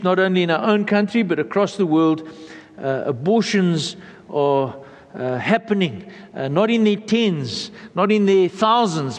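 Male pastor, high voice, earnest measured sermon delivery, long church-hall reverb. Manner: earnest, measured, with frequent pauses and repeated phrases.

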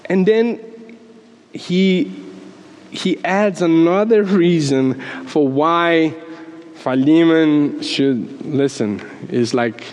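A man preaching a sermon in an animated way, laughing as he acts out quotes and often repeating words. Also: fairly high pitch, very slow. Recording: long hall reverb.

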